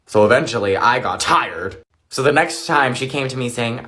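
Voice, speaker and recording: A man's voice: medium pitch, expressive, moderate pace, a bit bright. A man telling a sassy storytime, mimicking other people in mocking voices. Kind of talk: casual storytime.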